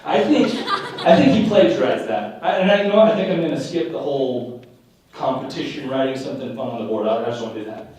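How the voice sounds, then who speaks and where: A man's voice: medium pitch, fast, darkish tone, recorded from a distance, slight background noise. A man performing live stand-up, telling wry, self-deprecating stories before an audience. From Utah. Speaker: stand-up comedian. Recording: echoey live room, mic picks up from afar.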